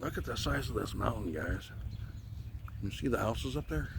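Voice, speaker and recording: A man casually vlogging on a riverside walk with his dog, chatting to viewers and cooing to the dog, sometimes hushed. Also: mid-range voice, animated, normal speed, gravelly, very noisy. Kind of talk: casual walking vlog. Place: outdoors on a riverside trail. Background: faint birds and outdoor ambience.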